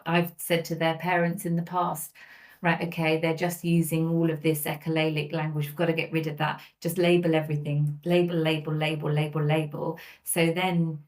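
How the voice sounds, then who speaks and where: A woman from England speaks in a low register. She explains her work as a speech and language therapist in a podcast conversation, earnest and full of worked examples. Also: level tone, moderate pace, darkish tone.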